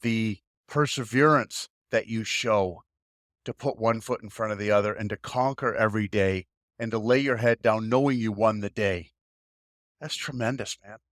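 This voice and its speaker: A man's voice: fairly low pitch, normal speed, dry recording, clean studio sound. A man hosting a podcast, talking in an encouraging, emphatic way to his guest. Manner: warm encouraging, emphatic praise. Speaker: podcast host. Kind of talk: casual podcast talk.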